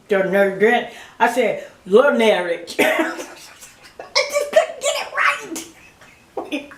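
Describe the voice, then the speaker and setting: A woman in her fifties with a rather high voice vlogs in a reverberant space. Chatting casually to the camera, she laughs often and calls her viewers y'all.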